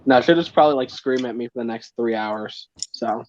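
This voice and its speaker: A man's voice: mid-range voice, a little fast, dry recording, highs cut off. A man hosting a livestream in casual chat, joking and laughing often. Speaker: livestream host.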